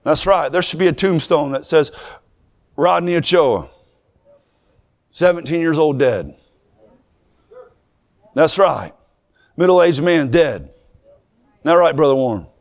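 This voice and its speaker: A young man preaching a sermon, moving from plain talk to fervent, shouted preaching. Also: fairly high pitch, animated, slow, long pauses.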